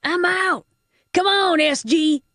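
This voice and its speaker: A shrill, cowardly male thug , voiced by a woman narrator, yelps high and loud, his voice strained and far from the narrator's own. It is a dry audiobook recording. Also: slow pace, no room sound, exaggerated voice. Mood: panicked. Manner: yelling in panic.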